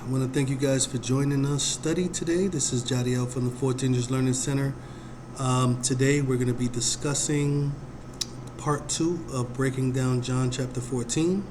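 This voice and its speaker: A man teaching a Bible study in a casual, unhurried way, reading verses aloud and pausing often to think. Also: mid-range voice, fairly even intonation, noisy background.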